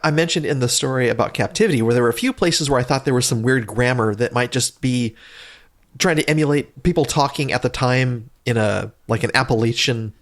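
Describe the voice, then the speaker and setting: A man's voice: medium pitch, brisk. A man co-hosting a book discussion podcast, explaining his reading troubles hesitantly with many restarts. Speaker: podcast co-host.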